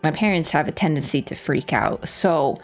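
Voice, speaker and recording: Lively woman streamer telling a story. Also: low-pitched, moderate pace, faint music behind. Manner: lively, laughing, swears casually, acts out voices. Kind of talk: casual storytelling while livestreaming a game. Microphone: webcam setup.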